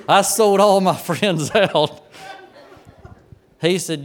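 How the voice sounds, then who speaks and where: A man preaches in a storytelling way, folksy and self-deprecating, often laughing at himself. His voice sits a little high for a man and comes through smooth and resonant. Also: animated, slow, pauses often. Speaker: pastor. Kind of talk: storytelling sermon.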